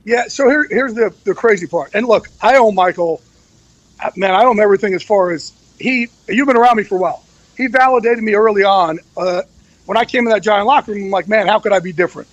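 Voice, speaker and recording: A man's voice: high-pitched, a little fast, no echo, highs cut off. A man speaking as a podcast guest, candid and emotional, swearing freely. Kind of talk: casual podcast interview.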